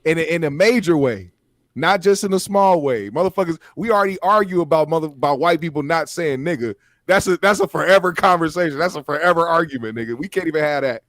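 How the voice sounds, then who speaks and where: Male podcast co-host, laid-back and profane storyteller; slightly high voice, dry close sound. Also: animated, fast talker, fairly bright tone, dry recording. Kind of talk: casual chat.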